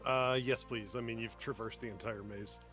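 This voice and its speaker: A man's voice: medium pitch, fairly even intonation, moderate pace, over music. A man narrating as game master of a tabletop game, amused and laughing often.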